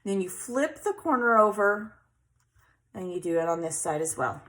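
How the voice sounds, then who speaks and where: A woman's voice: mid-range voice, animated, moderate pace, fairly bright tone. A chatty woman, hosting a casual crafting tutorial and often checking in with "okay?".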